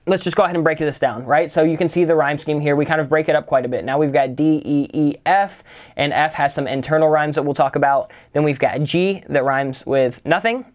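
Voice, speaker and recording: A man's voice: a little high, fairly quick. A man teaching songwriting in a casual tutorial, talking loosely and filling his sentences with "kind of" and "like". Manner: relaxed, loose, full of "kind of" and "like".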